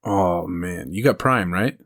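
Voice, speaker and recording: Male podcast co-host, very low voice, rambling casual storyteller who laughs at his own bits. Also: takes it slowly, a bit bright. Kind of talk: casual chat.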